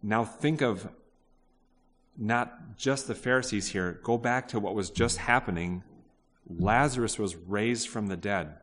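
A man's voice: on the low side, unhurried, fairly bright tone. A man preaching a sermon in a conversational way, asking his listeners questions and often restarting his sentences. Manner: conversational, asks the congregation questions, frequent restarts. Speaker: pastor. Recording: long reverb of a large hall.

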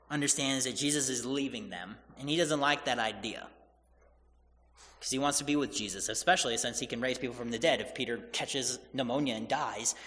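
A man's voice: mid-range voice, pushed and bright, in a large hall. A man preaching a sermon, retelling scripture in casual everyday paraphrase and acting out the people in the story.

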